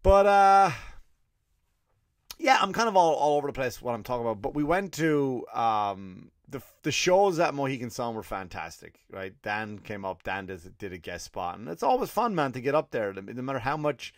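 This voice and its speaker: Sarcastic Irish comedian, rambling solo talk. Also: male voice, mid-range voice, big pitch swings, moderate pace, dry recording, studio quality. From Ireland. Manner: sarcastic, rambling, profane, with frequent restarts. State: scratchy throat. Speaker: comedian podcast host. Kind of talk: casual solo comedy monologue.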